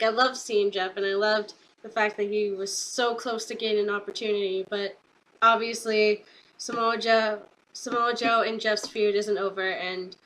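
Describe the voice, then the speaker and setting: A young woman getting over a cold who chats casually through a recap of a wrestling show, filling her talk with "like" and retelling scenes with excitement. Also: medium pitch, slight background noise, poor audio.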